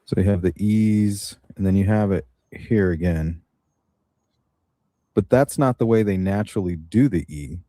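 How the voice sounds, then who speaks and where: A man's voice: deep voice, measured pace, warm tone, no room sound. A man chatting casually on a stream, musing and tentative as he thinks aloud. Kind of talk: casual analytical chat.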